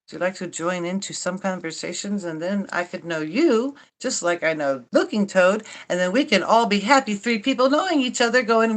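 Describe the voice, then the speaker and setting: A woman's voice: medium pitch, expressive, a little fast, hardly any pauses. An older woman hosting a casual livestream chat, rambling and wry, mocking herself and swearing now and then. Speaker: livestream host.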